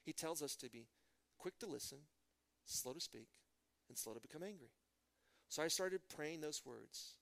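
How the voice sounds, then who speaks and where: A middle-aged man from Texas, preaching a sermon as a pastor and telling stories with animated rhetorical questions. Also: on the high side, normal speed, vocal fry, long pauses. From Midland, Texas.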